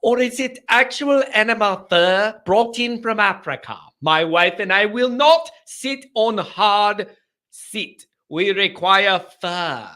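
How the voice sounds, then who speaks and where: A man's voice: sits high, takes it slowly, sharp tone, pitched above the performer's own voice, full character voice. A man voicing a snobbish rich man who demands luxuries, speaking in a haughty, made-up foreign accent.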